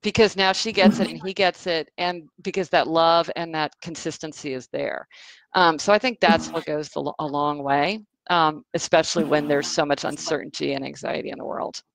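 A woman's voice: deep voice, normal speed, vocal fry, no echo, poor audio. Chatty woman author on a dry video call. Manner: chatty, animated storytelling with many fillers. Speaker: author guest. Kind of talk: casual Q&A interview.

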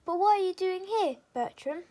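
A woman's voice: extremely high pitch, normal speed, warm tone, voice pushed up. A woman doing a small cheerful girl fairy. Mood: earnest.

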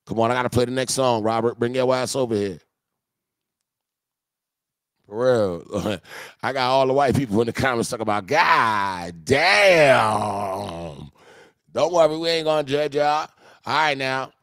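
A man hosting a live music review stream, joking with his chat in loose, profane banter, breaking into loud mock voices. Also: mid-range voice, normal speed, long pauses, smooth, no room sound, studio quality.

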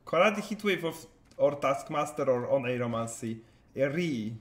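A streamer with an animated, mid-range voice talks at a moderate pace while playing a card game live. His commentary is loose and chatty, and he answers viewer chat as he plays, with a roomy echo on the recording.

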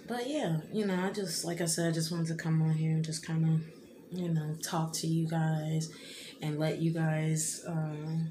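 A woman's voice: deep voice, fairly even intonation, normal speed, mellow. A woman in her thirties talking casually and tearfully to her viewers, rambling with many fillers. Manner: rambling, many fillers and "you know what I mean". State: tearful, emotional. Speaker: vlogger. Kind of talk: casual heartfelt vlog talk. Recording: echoey room with background noise.

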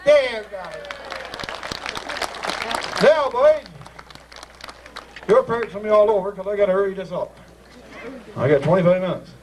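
A man's voice: high-pitched, animated, unhurried, long pauses. A man leading a joking ceremony, teasing and laughing as he calls people up. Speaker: ceremony master. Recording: noisy crowd, distant amateur video.

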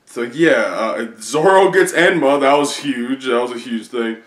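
A man chatting casually as a video creator, rambling excitedly through a recap with many fillers. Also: mid-range voice, a little slow. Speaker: video creator reacting to comics. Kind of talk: casual chat. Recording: roomy echo.

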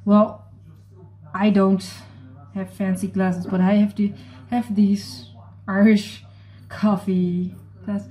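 This Dutch cooking vlogger has a mid-range, dark voice with little pitch movement and takes things slowly. Chatting casually, she reads out recipe steps and apologizes a lot, her accent Dutch with American-leaning English.

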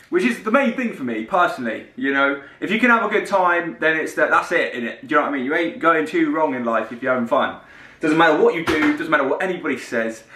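Bright-voiced man chatting slangily. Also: on the high side, far from the mic. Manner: slangy, chatty, keeps asking the viewer for agreement. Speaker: reaction video host. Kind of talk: casual reaction commentary. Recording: echoey room with loud pop song playing. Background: loud dance-pop music.

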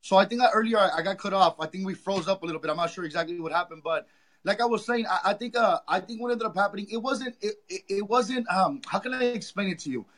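A man answering as an interview guest, halting and searching for his words. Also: sits high, fairly bright tone.

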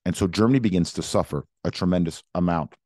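Young guy teaching history, low voice, super dry sound, keeps repeating stuff for emphasis. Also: fast, warm tone, no echo. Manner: emphatic, repeats words, voices opposing sides in first person. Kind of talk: classroom history lecture.

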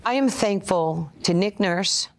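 A woman, an interview guest telling animated stories and acting out the voices of other people. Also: medium pitch, unhurried. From Brooklyn, USA. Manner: animated, acts out quoted voices. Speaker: interview guest, former player and coach. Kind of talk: storytelling interview.

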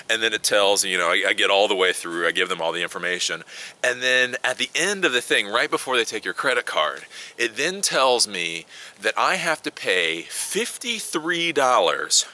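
Man, video host, casual chat, lively pitch swings, sharp forceful tone. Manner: animated storyteller, swings up and down in pitch, swears casually.

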